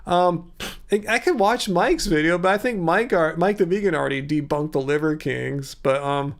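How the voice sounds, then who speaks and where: This livestream host is a weary man in his fifties who wanders off on tangents as he replies to viewers by name. He talks at a moderate pace in a voice on the high side with some creak to it.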